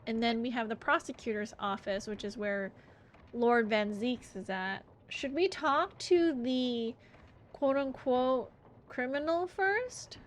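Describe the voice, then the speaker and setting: A woman's voice: a little high, slow, a little hiss or hum. A woman game streamer chatting casually and musing aloud while she plays, giggling often.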